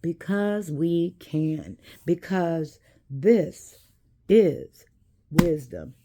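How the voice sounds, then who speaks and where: A woman, hosting a casual talk and speaking in an unhurried, preachy way that addresses viewers directly. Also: lowish voice, background noise. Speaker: host.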